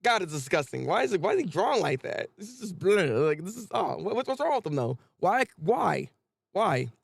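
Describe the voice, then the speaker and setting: An animated man reacting live to a comic chapter, his voice high for a man and full of swooping, gravelly edges. He jokes and stumbles over repeated words as he gets excited, recorded dry and close on a desk mic. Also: moderate pace, no room sound. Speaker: manga reaction streamer.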